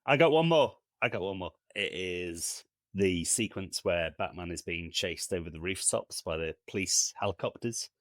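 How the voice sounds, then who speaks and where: Panelist, man, very deep voice, dry close mic, chatty scene-by-scene storyteller. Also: lively intonation, normal speed, hardly any pauses, a bit bright, no echo. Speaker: podcast co-host. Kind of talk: casual film-review chat.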